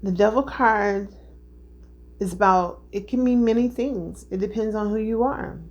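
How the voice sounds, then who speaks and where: A woman's voice: mid-range voice, unhurried, dull audio. A woman giving a spiritual tarot reading, earnest and heartfelt, who repeats herself and keeps checking in with her listeners. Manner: emotional, heartfelt. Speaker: tarot reader.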